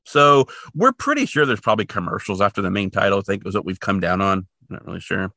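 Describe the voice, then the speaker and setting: A man co-hosting a podcast, chatting casually and rambling through animated asides. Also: lowish voice, normal speed, gravelly, no echo, clean studio sound. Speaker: podcast co-host. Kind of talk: casual chat.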